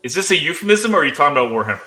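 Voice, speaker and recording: Excitable man co-hosting a livestream. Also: fairly high pitch, very fast. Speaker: co-host reading viewer chat. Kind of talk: casual livestream chat. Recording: roomy sound, faint music behind.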